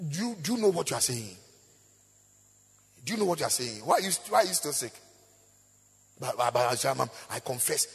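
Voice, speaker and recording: A man preaching a sermon, chanting in a sing-song voice, rising to shouts, asking the crowd call-and-response questions and breaking into tongues. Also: mid-range voice, big pitch swings, normal speed, pauses often, breathy edge. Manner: bursts of praying in tongues. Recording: echoey hall with faint music.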